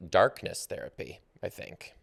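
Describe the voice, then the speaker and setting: A man's voice: unhurried, fairly bright tone. A man co-hosting a casual podcast chat, from Detroit, groping for answers with hesitant fillers. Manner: hesitant, searching guesses with many fillers. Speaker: co-host.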